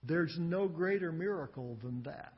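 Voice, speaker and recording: A man preaching a sermon, earnest and emphatic, with dramatic pauses. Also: fairly high pitch, animated, husky, long reverb tail, lo-fi sound. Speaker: pastor.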